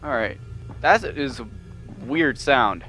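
A man's voice: mid-range voice, lively intonation, slow, music in the background. A man giving nervous, jumpy let's-play commentary on a horror game he is playing. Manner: jumpy, nervous, swears mildly, yelps when startled.

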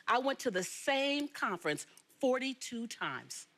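A woman with a notably high voice tells her life story as a talk show guest. She is from Los Angeles and speaks in an animated, emphatic way. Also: a little slow. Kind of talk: storytelling interview.

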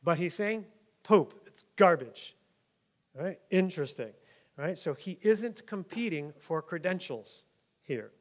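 A pastor from New York preaching a conversational sermon, often laughing and checking in with "right?". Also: male voice, a little high, animated, unhurried. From New York, USA. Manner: chatty, laughs often, keeps asking "right?".

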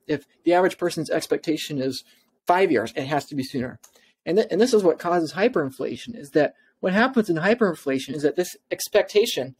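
A man speaking as a podcast guest, emphatic and insistent, stumbling over his words in his rush to make his point. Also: a little high. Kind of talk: podcast interview talk.

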